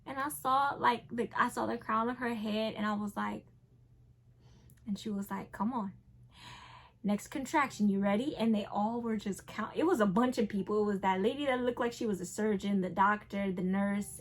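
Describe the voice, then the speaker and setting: A young woman, telling a casual storytime vlog. She swings between hushed and loud. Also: fairly high pitch. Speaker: vlogger.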